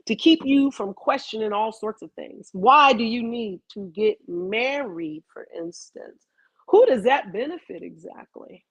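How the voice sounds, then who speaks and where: A woman's voice: fairly high pitch, animated, unhurried, slightly rough, no room sound. Emphatic, dramatic woman vlogger. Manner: emphatic and dramatic, heavy swearing. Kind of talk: casual commentary.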